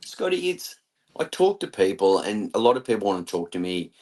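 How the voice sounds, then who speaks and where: Earnest Australian man, lowish voice. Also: very animated, a little fast, a little mellow. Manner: earnest, blunt, says "mate" often. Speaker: veteran and political candidate. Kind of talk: casual interview.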